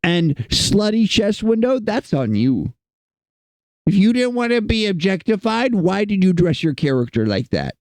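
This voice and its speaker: A man's voice: high voice, big pitch swings, unhurried, darkish tone, no echo. A man streaming casually, chatting with his chat in a playful, teasing way. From United States.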